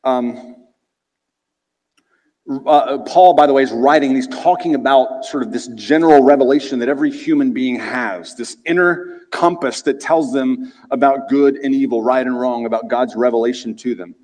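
A male preacher giving an expository sermon in a conversational, animated way, asking the listeners rhetorical questions. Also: mid-range voice, moderate pace. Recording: reverberant hall.

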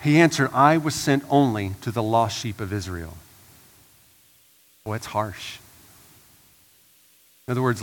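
A man preaching a sermon as pastor, swinging from hushed and slow to loud and urgent. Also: mid-range voice. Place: church sanctuary.

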